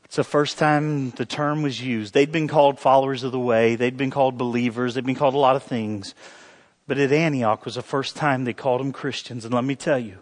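A male pastor preaching a sermon with animated, humorous storytelling. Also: mid-range voice.

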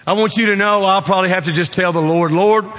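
A man with a Southern Kentucky drawl preaching a sermon in a church, folksy and joking, swinging from loud emphatic peaks down to quiet, low appeals. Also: steady tone, quick pace. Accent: Southern US, South Central Kentucky. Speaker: pastor. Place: church sanctuary. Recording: long hall reverb.

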